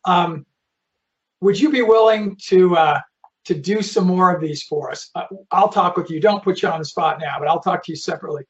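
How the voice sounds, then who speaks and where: A man's voice: high-pitched, a little fast, muffled recording. A man hosting a live online session, reading out audience questions with friendly, rambling asides.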